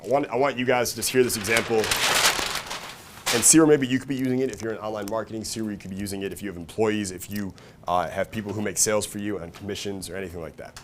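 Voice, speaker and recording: A man giving a casual, profane seminar talk to a live audience, often checking in with "right?" and "okay?" and acting out quoted people with sudden loud, high bursts. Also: fairly even intonation, fast, background noise. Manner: acts out quoted voices with big jumps in pitch and volume. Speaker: seminar speaker.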